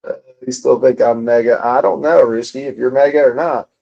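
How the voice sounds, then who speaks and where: The recording is muffled, carrying a young man's medium-pitched voice that is gravelly and warm, spoken briskly. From his home room he livestreams, reading chat and bantering profanely and mockingly with viewers.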